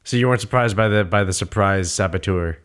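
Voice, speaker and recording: Man, low voice, calm, short replies, casual movie chat. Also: quick pace, smooth. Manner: calm, brief agreeing replies. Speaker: podcast co-host.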